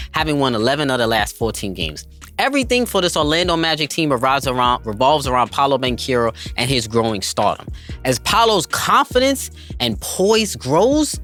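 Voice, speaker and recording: A man hosts a basketball podcast in a hyped, emphatic voice. His pitch swings widely as he pushes his points, and soft music plays underneath. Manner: hyped, emphatic, addresses listeners as family. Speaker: podcast host. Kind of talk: enthusiastic basketball commentary.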